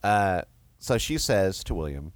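Low, dry-voiced young man joking. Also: big pitch swings, unhurried, dry recording. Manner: dry, wandering jokes with trailing restarts. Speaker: podcast co-host. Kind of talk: casual chat about a movie.

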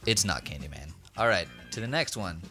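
A man co-hosting a casual film podcast, briskly running a quiz game. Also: low-pitched, animated, over music. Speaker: podcast co-host and quizmaster.

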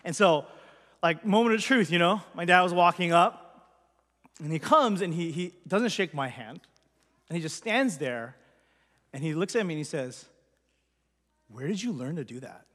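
Male pastor, high voice, earnest testimony, long hall reverb. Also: animated, normal speed, pauses often, fairly bright tone. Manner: earnest, conversational storytelling. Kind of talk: personal testimony to a congregation.

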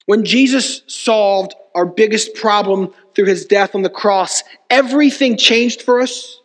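A man's voice: sits high, a little slow. A man preaching a sermon as pastor, emphatic and full of rhetorical repetition. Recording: long reverb of a church hall.

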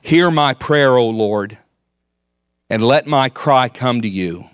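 A man preaching a sermon, reading scripture aloud with measured emphasis. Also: mid-range voice, lively intonation, clear, resonant tone, dry recording, studio quality.

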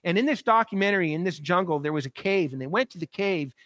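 A pastor preaching a sermon, building to emphatic peaks and dropping soft and low, with repeated rhetorical phrases. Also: male voice, animated, fast talker, no room sound.

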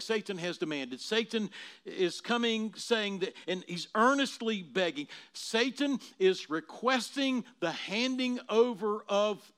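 A man preaching a sermon, swinging from quiet explaining to loud dramatic bursts as he acts out quoted voices. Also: a little high. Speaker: pastor.

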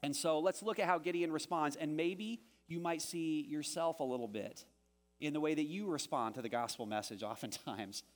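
A man preaching a sermon as pastor, animated and acting out the quoted voices of the story he tells. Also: normal speed. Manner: animated, acts out quoted voices with rising pitch.

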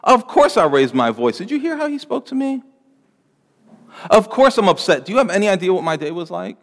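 A man's voice: high-pitched, big pitch swings, a little fast, in a large hall, pitched above the performer's own voice. A man playing an indignant, self-justifying man. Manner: defensive, exasperated, raised voice. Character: indignant man justifying his own anger.

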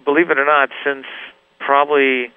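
A man calling in over a tinny phone line, telling stories as the interview guest. His voice is smooth and resonant, and the sound is dry and close. He rambles a little, with many "you know"s and restarts. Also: medium pitch, flat delivery, normal speed, no room sound. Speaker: guitarist guest. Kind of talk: casual interview chat.

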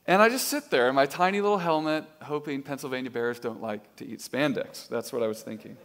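A man's voice: a little high, gravelly. A middle-aged man preaching a sermon as pastor, telling stories with self-deprecating humor.

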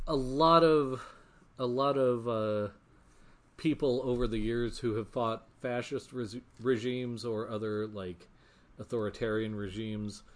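A man in a casual book discussion, talking thoughtfully and searching for his words. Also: mid-range voice.

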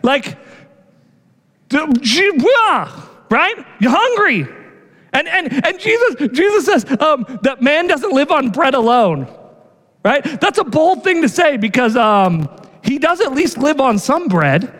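A man's voice: very high voice, sing-song, takes it slowly, a bit bright, big-room sound. A male pastor giving a sermon in a casual, conversational way, often checking in with "right?" and stumbling over repeated words.

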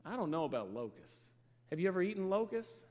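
Playful preacher in a reverberant hall. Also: male voice, high-pitched, big pitch swings, a little fast, a little mellow. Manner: storytelling, playful, chatty with the audience. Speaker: guest preacher. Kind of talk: humorous sermon to a congregation.

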